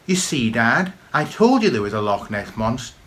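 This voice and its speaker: A man voicing an eager, earnest young boy in a storybook reading, with a pleading, excited delivery. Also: mid-range voice, normal speed.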